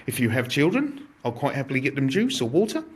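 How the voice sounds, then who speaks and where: A man, an airsoft shop owner, chatting casually and excitably to viewers on a live stream from inside his shop. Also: mid-range voice, quick pace, slightly rough. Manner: chatty, excitable, jokey, addresses viewers directly.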